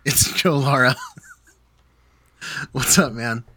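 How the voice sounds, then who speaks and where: A man's voice: mid-range voice, extremely slow, a crowd in the background. A man hosting a casual podcast chat, introducing his co-hosts playfully and laughing often. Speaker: podcast host.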